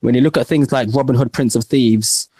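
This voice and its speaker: A man's voice: medium pitch, fairly even intonation, a little fast, mellow, husky, no room sound. A man co-hosting a podcast, rambling through film opinions with many restarts and some swearing. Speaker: podcast co-host. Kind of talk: casual film chat.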